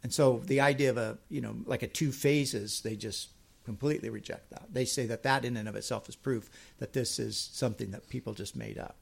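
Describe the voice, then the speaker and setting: A middle-aged man preaching a sermon, reading scripture slowly and emphatically, then explaining it in a chatty way. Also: mid-range voice, creaky, slightly rough.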